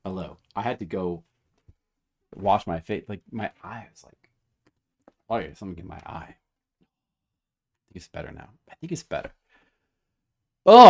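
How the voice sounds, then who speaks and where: A man live-streaming a retro puzzle game, chatting playfully and rambling to a viewer while he plays. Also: lowish voice. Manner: playful, rambling, jokingly addresses a viewer by name.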